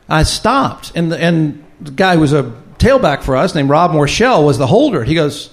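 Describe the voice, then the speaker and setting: The show's host, a former football kicker, tells an old football story to a live audience. His voice is on the high side, his pace moderate with few pauses, and he's lively, acting out the voices of the people he quotes.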